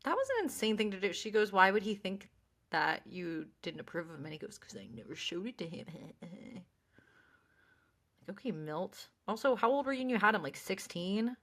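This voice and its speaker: Animated woman podcast co-host. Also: medium pitch, normal speed. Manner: animated, quotes characters in snappy voices. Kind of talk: casual recap chat.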